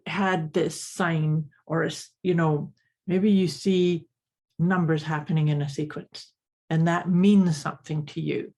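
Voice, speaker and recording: A woman's voice: low voice, steady tone, measured pace, warm tone. A woman co-hosting a casual podcast who talks thoughtfully and often repeats words while searching for them. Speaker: podcast co-host and coach.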